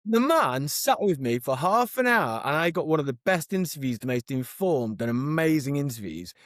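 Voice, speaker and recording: A man co-hosting a podcast, telling animated, overexcited stories in casual chat. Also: a little high, moderate pace, dry recording, clean studio sound. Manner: animated storyteller, gets overexcited. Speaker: podcast co-host.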